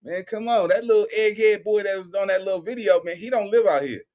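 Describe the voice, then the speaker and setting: A man hosting a reaction video, loudly teasing and exclaiming in slangy casual commentary. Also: sits high, quick pace. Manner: excitable, teasing, loud exclamations and laughter; repeats slangy tags like "boy" and "bro".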